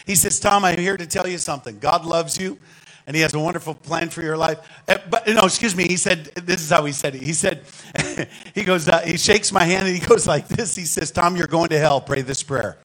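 A man with a fairly high voice preaches from a church pulpit, telling his story in an animated, conversational way. He drops to quiet asides and then bursts out loudly, laughing along with the congregation. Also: brisk, poor audio. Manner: animated, swings between hushed asides and loud exclamations. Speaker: guest preacher. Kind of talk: storytelling sermon. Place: church sanctuary.

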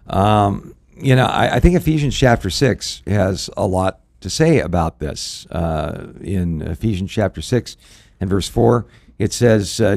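Low-voiced folksy man pastor. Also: expressive, normal speed, darkish tone. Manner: folksy, anecdotal, quotes scripture. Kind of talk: radio ministry discussion.

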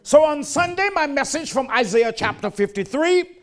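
Older preacher, lively emphatic sermon. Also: male voice, extremely high pitch, normal speed. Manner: folksy, then rising to emphatic preaching.

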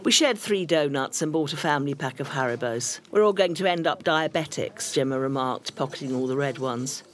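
A woman's voice: deep voice, brisk. A woman delivering a dry, wry scripted comic monologue.

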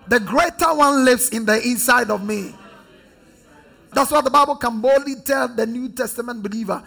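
A man from Ghana preaching a sermon, leading the congregation in call-and-response and swinging from loud declarations to hushed repetition. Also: very high voice, moderate pace, gravelly, breathy edge. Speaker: pastor.

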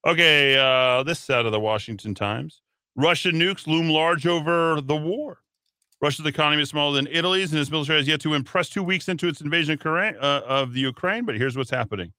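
A man's voice: fairly high pitch, fairly quick, pushed and bright, clear, resonant tone, no echo. A man hosting a talk radio show, riffing on the news with sarcastic, mocking asides into a studio mic.

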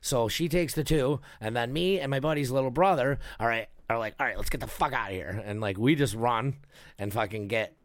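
A man's voice: mid-range voice, a little fast, dry recording, clean studio sound. A young man casually telling a wild story, swearing a lot and acting out the voices of the people in it. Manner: animated, swears a lot, acts out voices while telling stories.

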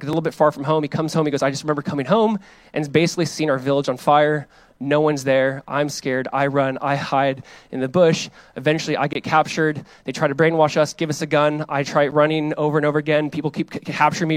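A young adult man, a pastor preaching a sermon in a casual, conversational way, full of fillers and rising to loud urgent emphasis. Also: a little high, no echo.

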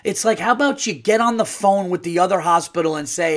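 A man's voice: sits high, fairly quick, hardly any pauses. Angry ranting man podcast host. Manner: angry ranting, swearing, acts out dialogue. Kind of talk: solo podcast rant.

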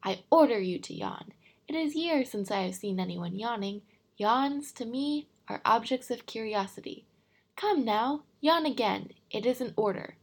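A woman reading an audiobook, voicing a proud, pompous old king who gives grand formal orders, with a gravelly, husky voice. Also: on the high side, lively intonation, moderate pace. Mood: commanding.

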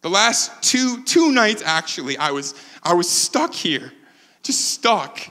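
A pastor preaching in a church sanctuary, high-pitched and bright in tone. His voice rings with a long hall echo as he acts out quotes with animation. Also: big pitch swings, slow pace. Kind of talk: sermon.

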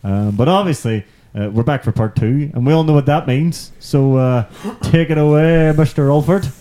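A man's voice: fairly high pitch, moderate pace, dark tone. A man hosting a podcast in casual chat at home, rambling and laughing a lot. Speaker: podcast host. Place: indoor room, apartment.

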